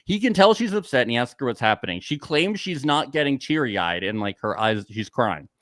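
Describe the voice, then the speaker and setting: A man's voice: medium pitch, very animated, fairly quick, a bit bright. A young man hosting a podcast, chatting casually and sarcastically about a reality show, laughing often. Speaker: podcast host. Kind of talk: casual recap chat.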